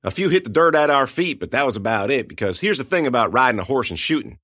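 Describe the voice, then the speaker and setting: A man narrating a first-person audiobook with lively, expressive storytelling. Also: mid-range voice, quick pace, no echo, studio quality.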